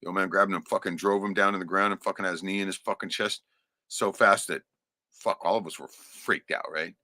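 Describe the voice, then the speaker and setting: A man's voice: sits low, fairly even intonation, a little fast, sharp tone, dry recording. A middle-aged man telling stories from his life in a rambling, profane way, often ending lines with "right?". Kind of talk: casual storytelling.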